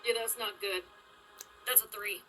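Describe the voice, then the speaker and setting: A woman player in a tabletop game, chatting in a lively, playful way. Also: medium pitch, moderate pace, noisy background. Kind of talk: casual chat. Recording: music behind the voice.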